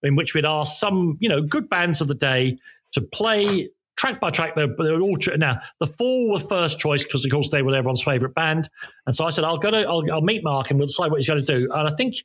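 A man with a slightly raised pitch and a husky edge tells long music anecdotes over a home call. He circles back, stumbles over his starts with "um" and "uh", and keeps the tone casual and chatty. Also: animated, fairly quick, fairly bright tone. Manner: rambling, self-interrupting, many ums and restarts. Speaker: podcast guest, former music journalist. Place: corner of a room at home. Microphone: home recording, video call.

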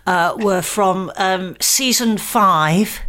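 A woman's voice: mid-range voice, very slow, pushed and bright. Female comic co-host, casual, giggly, storytelling asides. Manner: chatty, laughing, jokey asides. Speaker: comedian co-host. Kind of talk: casual chat.

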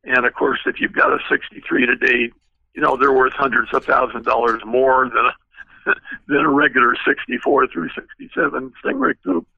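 A man's voice: medium pitch, fairly even intonation, normal speed, creaky, no echo, highs cut off. An older man, a guest car designer, telling long rambling anecdotes with many fillers in an interview. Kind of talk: storytelling interview.

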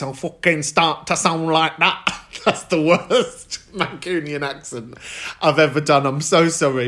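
A man's voice: a little high, fairly bright tone. A young man hosting a podcast in a casual monologue, chatty and swearing, laughing often. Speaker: podcast host.

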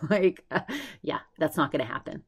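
A woman's voice: sits low, animated, moderate pace, slightly rough. A woman hosting a podcast, giving a rambling personal update with restarts and laughs, anxious and shaken. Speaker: podcast host.

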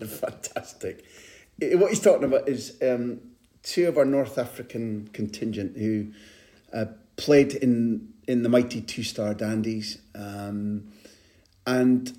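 A man's voice: medium pitch, warm tone. Rambling man telling football tales. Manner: rambling anecdotes, laughs often. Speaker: football correspondent. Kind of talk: casual podcast chat.

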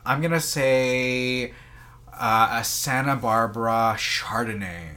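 A man's voice: mid-range voice, slow, pushed and bright. A man chatting casually as a podcast guest, rambling with many fillers and restarts as he describes things. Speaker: sommelier guest.

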